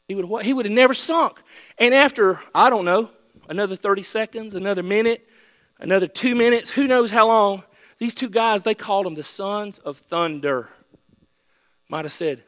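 A man preaching a sermon with playful storytelling that builds into excited shouts. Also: extremely high pitch. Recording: long hall reverb with mains hum.

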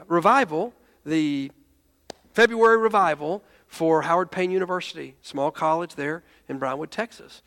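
A man's voice: sits high, a bit bright, big-room sound. A male pastor telling a story in a sermon, emotional, often restarting his sentences and raising his voice when he quotes others.

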